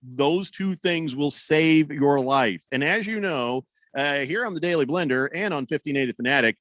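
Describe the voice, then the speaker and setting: A man's voice: on the high side, moderate pace, fairly bright tone, no echo. A man hosting a sports radio show, chatting casually and reading listener messages in a rambling, wry way. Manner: rambling, self-correcting, wry. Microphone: studio broadcast mic.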